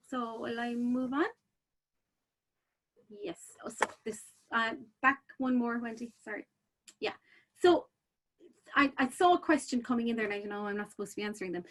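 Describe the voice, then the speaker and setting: A woman presenting a childcare webinar in a chatty, informal way, full of "you know" fillers and restarts. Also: a little high.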